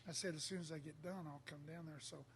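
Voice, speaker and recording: An older man with a drawl spins a rowdy tale, jumping into other voices as he goes. His voice sits fairly high for a man. A faint hiss of noise runs under it. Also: quick pace. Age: 60s. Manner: lively storyteller acting out quotes. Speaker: songwriter guest. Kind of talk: casual storytelling.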